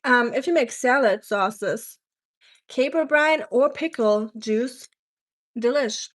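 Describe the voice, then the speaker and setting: A woman's voice: a little high, takes it slowly. A woman from Germany with a German accent, chatting casually on a cooking live stream and reading viewer comments aloud.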